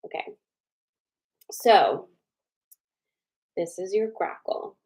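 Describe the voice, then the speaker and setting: A young adult woman hosting a casual livestream, chatting with viewers, greeting them by name and slowly repeating their choices before a card reading. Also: fairly low pitch, darkish tone, poor audio.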